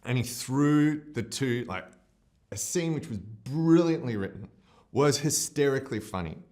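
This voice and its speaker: A man's voice: medium pitch, animated, a little slow, a little mellow. An Australian man, a film director, talking in a festival interview, effusive and rambling with many fillers and restarts, openly emotional and self-deprecating.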